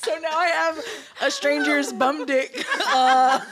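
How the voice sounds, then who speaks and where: A young woman from Austin, Texas, telling stories in casual chat, animated, profane and laughing often. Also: high-pitched, slow, very noisy. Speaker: podcast guest. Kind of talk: casual storytelling.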